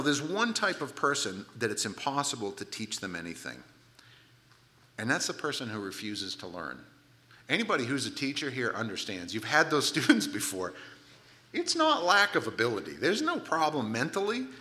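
Man, pastor, sermon, lively pitch, bright tone, restarts. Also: moderate pace. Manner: animated, sarcastic asides with restarts.

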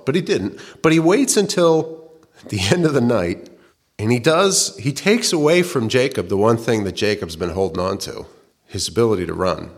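A man's voice: fairly low pitch, long reverb tail. A man preaching a conversational sermon, acting out the voices of scripture figures as he tells the story.

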